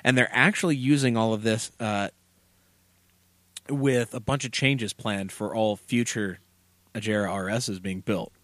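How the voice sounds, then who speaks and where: Low-voiced joking male podcast co-host. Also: steady tone, unhurried, a bit bright, no echo. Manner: rambling, joking, with many fillers. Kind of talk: casual chat. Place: basement podcast room.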